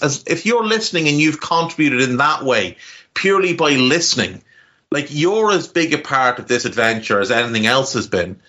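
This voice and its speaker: Man, Navan Irish accent, rambling casual podcast host, sharp edgy tone, muffled recording. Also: mid-range voice, very animated, moderate pace. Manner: rambling, heartfelt, swears casually.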